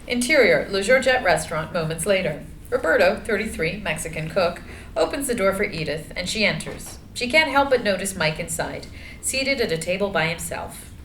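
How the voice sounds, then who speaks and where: A woman's voice: medium pitch, lively intonation, moderate pace, a bit bright. A woman narrating screenplay stage directions in a table read, matter-of-fact. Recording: echoey room, faint noise.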